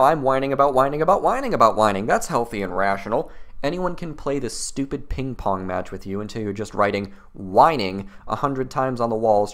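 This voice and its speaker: A man hosting a commentary video, rebutting clips in a mocking, exasperated tone. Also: fairly bright tone. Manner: mocking, exasperated, mimics opponents in high voices.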